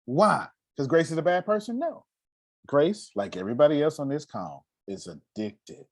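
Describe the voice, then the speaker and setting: Blunt, lively male life coach on a call. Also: fairly high pitch, moderate pace, dry recording, clean studio sound. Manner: blunt, profane, emphatic, acts out quoted voices. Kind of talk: motivational coaching talk.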